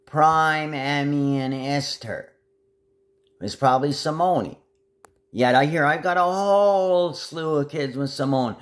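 A man's voice: on the high side, slow pace. A man delivering a rambling, agitated monologue to camera, jumping from one topic to the next.

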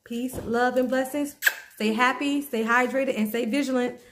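A woman's voice: high-pitched, fairly even intonation, moderate pace, echoey room, heavy background noise. A young adult woman vlogging casually to camera, chatty and promotional, with many fillers. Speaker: YouTube vlogger. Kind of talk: casual vlog talk to camera.

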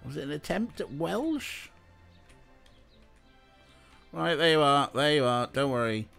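A man's voice: on the high side, very animated, measured pace, creaky, a bit bright, soft background music. Wry, sweary man. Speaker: streamer playing a game. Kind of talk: casual let's play commentary.

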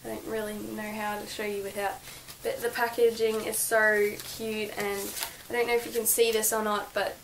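A woman's voice: medium pitch, level tone, normal speed, few pauses, slight background noise, rough recording. A young woman vlogging from her bedroom, gushing and chatty with lots of fillers as she shows her birthday gifts. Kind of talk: casual birthday haul vlog.

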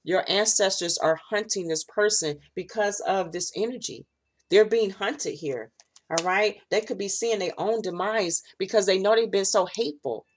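A woman's voice: medium pitch, moderate pace. A woman doing a casual tarot reading for her viewers, blunt and profane, checking in constantly with "all right?" and "okay?". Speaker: tarot reader.

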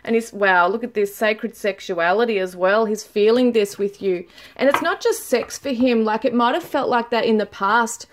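A woman giving a casual tarot reading to viewers, chatty and laughing often, reading card messages aloud slowly. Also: fairly high pitch. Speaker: tarot reader.

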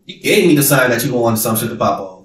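A man's voice: medium pitch, animated, fast, echoey room, far from the mic. A man on a podcast recounting a confrontation in a brash, boastful, streetwise way. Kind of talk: casual storytelling chat.

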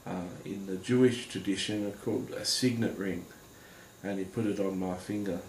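A man giving a personal testimony to viewers, speaking in a halting, earnest way with many pauses and fillers. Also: low-pitched, fairly even intonation, a little mellow. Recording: roomy echo with faint background noise.

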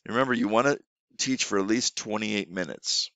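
A man's voice: on the low side, moderate pace, fairly bright tone, smooth, no echo. A man, an online English teacher, explaining classroom tips in a casual way with frequent restarts. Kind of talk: instructional teaching tips video.

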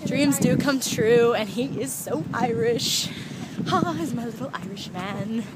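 A young woman chatting excitedly in a casual travel vlog, filmed on a handheld camera outdoors in busy city streets. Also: on the high side, measured pace. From United States. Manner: excitable, gushing, giggly fan chatter. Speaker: travel vlogger. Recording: loud outdoor crowd and street noise.

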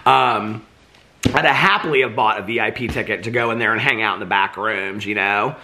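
Reality-TV vlogger, a man, bright voice, chatty and theatrical. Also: fairly low pitch, fairly quick, a little hiss or hum. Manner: chatty, dramatic, full of "like" and "okay". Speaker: TV commentary vlogger. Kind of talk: casual gossipy chat to camera.

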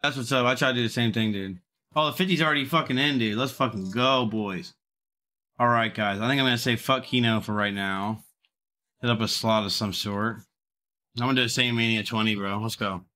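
Male streamer, tense forceful tone, profane running commentary on his own gambling. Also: mid-range voice, brisk. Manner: profane, swings between begging and cursing. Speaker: livestreamer.

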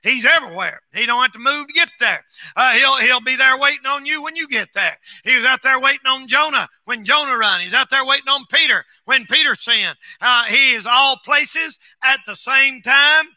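A pastor preaching a folksy sermon in a strikingly high, piercingly bright voice. He swings from quiet asides to shouted bursts. The sound is close and completely dry. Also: normal speed, no echo.

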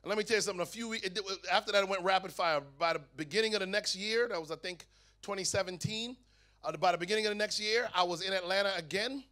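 A man giving his testimony at a youth camp meeting, telling the story in a lively way and acting out the dialogue. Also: high-pitched, fast. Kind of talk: testimony sermon to a youth audience.

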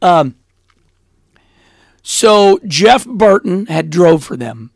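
A middle-aged man recounts his past in a casual podcast interview. His voice sits high with a gravelly fry. He talks bluntly and animatedly, and the sound is close and dry. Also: drawn-out words, no room sound. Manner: animated, blunt, laughs often. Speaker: interview guest, former race car driver.

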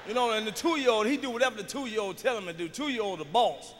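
A man performing a profane stand-up comedy routine, shouting and ranting through his stories. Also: sits high, fast. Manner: profane, shouting, fired-up storytelling. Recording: live hall reverb, faint background noise.

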